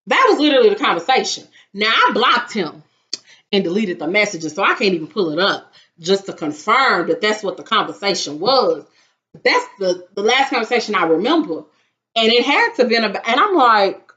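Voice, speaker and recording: In a casual vlog, this young woman tells a story with flair, performing the quotes in character. Her voice is medium-pitched and normally paced, recorded with dull, lo-fi quality.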